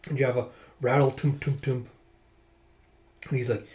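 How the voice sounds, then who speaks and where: A man talks his way through a manga volume in a relaxed, casual way, describing what happens in each panel. He slips into the characters' lines as he goes, with short asides in between. His voice sits at an ordinary middle pitch. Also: moderate pace, pauses often. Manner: reads panels aloud, voicing characters lightly with "it's like" asides. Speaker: manga reader. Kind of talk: casual manga readthrough narration.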